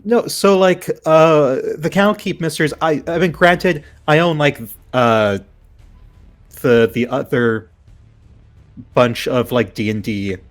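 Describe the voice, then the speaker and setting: A man chatting casually as a tabletop player, rambling and animated with many restarts. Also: on the high side, slow, faint music behind. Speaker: tabletop player, content creator. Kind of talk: casual chat around a game.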